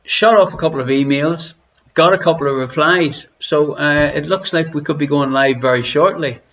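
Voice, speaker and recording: Irish male host, chatty and teasing, fairly high voice, lo-fi home stream sound. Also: moderate pace, fairly bright tone. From Ireland. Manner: chatty, teasing, greets viewers by name. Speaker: online quiz show host. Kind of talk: casual live-stream chat. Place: living room at home.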